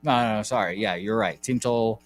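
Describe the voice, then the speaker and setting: A man's voice: fairly low pitch, a little fast. Guy hosting a betting podcast, rambly, keeps correcting himself, stats stats stats. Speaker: sports betting show host. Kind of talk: casual podcast chat.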